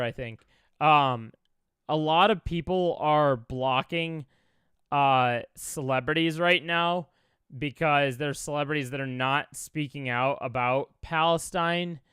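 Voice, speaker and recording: A man's voice: fairly high pitch, sharp tone, clean tone, no room sound, clean studio sound. A young man from Chicago, a streamer reacting to clips, talking in an emotional, rambling way with many fillers.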